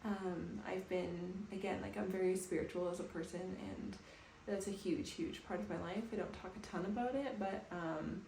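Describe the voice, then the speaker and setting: A woman in her thirties talking softly and calmly to camera in a personal home vlog. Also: lowish voice, normal speed, creaky, hardly any pauses. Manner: soft, calm, reflective. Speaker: vlogger. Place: bathroom at home, indoors. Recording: echoey room with faint background noise.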